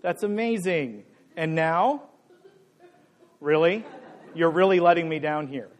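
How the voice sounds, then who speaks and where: A middle-aged pastor with a fairly high, light voice for a man. He preaches in a relaxed, playful way and jokes with the people in the pews. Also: a little slow. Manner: conversational, playful, jokes with the congregation. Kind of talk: sermon with a live demonstration.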